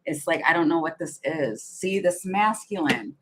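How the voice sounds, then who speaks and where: A woman reads tarot cards aloud in a loose, wandering monologue, often restarting her sentences and breaking into giggles. Her voice sits on the low side. A faint noise hums behind her. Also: animated, normal speed. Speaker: tarot reader. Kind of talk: casual tarot reading monologue.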